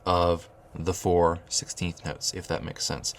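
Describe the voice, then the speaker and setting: Deep, gravelly-voiced man teaching rhythm. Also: little pitch movement, slow, hardly any pauses. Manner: thinking aloud with many fillers and restarts; chanting rhythm syllables. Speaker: music teacher. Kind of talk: whiteboard rhythm lesson.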